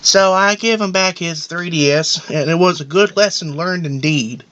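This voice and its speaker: A man's voice: high voice, moderate pace, a bit bright. A man voicing a paranoid, boastful middle-aged cartoon dad in a rambling, self-important comedic monologue. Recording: dull lo-fi audio.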